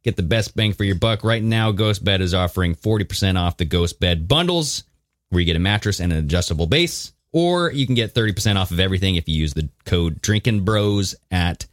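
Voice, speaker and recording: Man, podcast co-host, lowish voice, dry close sound, reads articles aloud with loose asides. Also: brisk, no room sound. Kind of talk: casual podcast chat.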